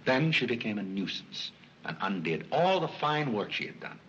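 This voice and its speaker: An actor playing a polite, composed butler who speaks calmly and courteously, in 1930s film style. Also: male voice, on the low side, a little hiss or hum. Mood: patient. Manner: calm, courteous, measured. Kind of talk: 1930s screwball film acting. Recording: muffled 1930s film soundtrack.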